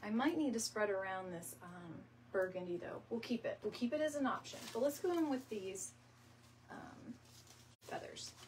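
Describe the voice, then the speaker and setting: A woman's voice: medium pitch, animated, normal speed, darkish tone, a little hiss or hum. A woman hosting a home decor tutorial, chatting casually and rambling as she works. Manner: chatty, rambling, says y'all, laughs easily. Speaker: DIY decor video host. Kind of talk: casual craft tutorial chat. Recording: somewhat distant mic with faint room ambience.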